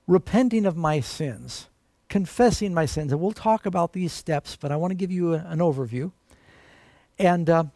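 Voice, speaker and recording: An earnest man preaches a sermon, pressing each point with emphasis and calling his listeners friends. His voice sits a bit high for a man. It is recorded close and dry, with no room sound. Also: darkish tone, no room sound.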